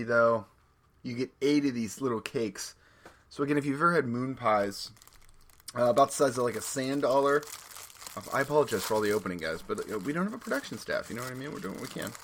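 A man's voice: mid-range voice, a bit bright, a little hiss or hum. A man co-hosting a casual snack review podcast, talking in a laid-back, rambling way with lots of fillers. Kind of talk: casual chat.

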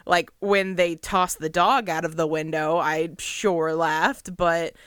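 Young woman, dry and wry, smooth voice. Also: fairly low pitch, takes it slowly, dry recording. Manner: wry, dry, deadpan commentary. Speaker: podcast co-host. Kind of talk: casual chat reviewing a movie.

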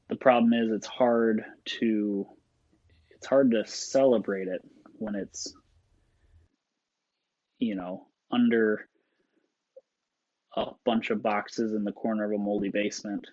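A man's voice: fairly low pitch, a little mellow, no room sound, lo-fi sound. A man talking as a guest in a casual interview, rambling and laughing often. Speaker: guest, shop owner.

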